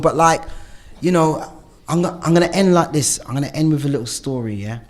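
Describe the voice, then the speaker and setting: A man's voice: on the high side, brisk. Earnest man sharing at a meeting. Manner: earnest, frequent "you know" and "yeah?" tag questions. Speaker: speaker at a recovery meeting. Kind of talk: personal share with storytelling.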